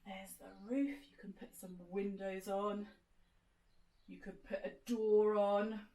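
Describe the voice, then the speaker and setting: Slow, encouraging woman storyteller. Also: mid-range voice, flat delivery, echoey room, poor audio. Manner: gentle, encouraging, directs listeners to move along. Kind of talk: interactive children's sensory story.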